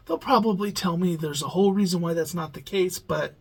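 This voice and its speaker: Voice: mid-range voice, fairly quick, husky, rough recording. A YouTube reaction host talking casually late at night, sleepy and yawning, rambling with lots of hesitant fillers.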